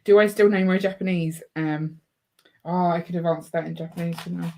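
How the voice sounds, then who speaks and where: A woman's voice: lowish voice, level tone, fairly quick, a little mellow. A woman chatting casually and teasing while she builds, laughing often. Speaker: co-host of a live building stream. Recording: faint background noise and clicks.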